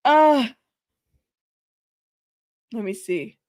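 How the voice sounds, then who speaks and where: A woman's voice: a little high, animated, drawn-out words, a little mellow, no echo, clean studio sound. A woman host reading court transcripts aloud and breaking off into casual, chatty commentary, laughing often and talking straight to her viewers. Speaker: host of a news commentary channel.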